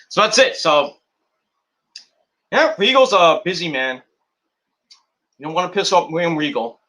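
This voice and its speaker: A man's voice: a little high, sing-song, unhurried, long pauses, pushed and bright. A man recapping and rating a wrestling show in a rambling, casual vlog, full of crude jokes and swearing.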